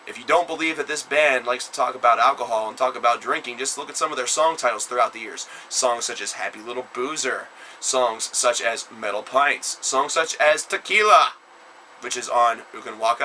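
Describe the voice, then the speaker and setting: Man, casual album review, rambling with fillers, mid-pitched voice, sharp bright timbre. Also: brisk, hardly any pauses, a little hiss or hum, low-quality recording. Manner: rambling, many fillers, sudden loud emphatic bursts.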